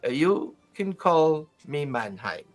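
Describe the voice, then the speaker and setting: Figure: a man voicing a gentle elderly mystic. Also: on the high side, big pitch swings, soft background music. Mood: gently probing. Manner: courteous, unhurried, gently mocking.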